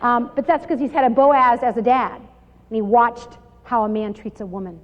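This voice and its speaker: A woman giving a lively Bible study talk to women, laughing often and acting out quoted exchanges, recorded on muffled 1990s video in a large hall. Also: a little high, normal speed. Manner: animated, laughing, acts out little quoted exchanges.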